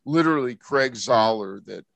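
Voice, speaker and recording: A man's voice: medium pitch, lively intonation, normal speed, gravelly, a bit bright, no echo, rough recording. A man co-hosting a music show in casual talk, joking and teasing with slangy phrasing. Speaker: radio show co-host.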